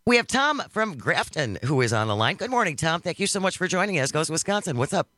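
A man's voice: fairly high pitch, very animated, fast, pushed and bright, no echo, studio quality. A man hosting a radio talk show, chatting casually and friendly, with restarts along the way. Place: radio studio. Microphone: studio microphone.

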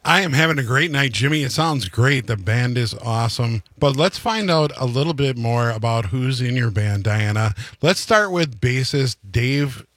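A man's voice: mid-range voice, lively intonation, normal speed, hardly any pauses, fairly bright tone, dry recording. A man with a mid-range voice co-hosts a live radio interview, steering the talk with friendly questions. The studio sound is dry and close. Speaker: radio co-host.

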